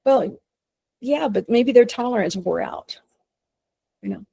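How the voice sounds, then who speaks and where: A woman's voice: fairly high pitch, expressive, measured pace, gravelly, mellow, breathy edge. A woman with a Texan accent, a dog behavior consultant giving a conversational webinar presentation, often restarting sentences and voicing what dogs think. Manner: conversational, many restarts and acted-out dog thoughts.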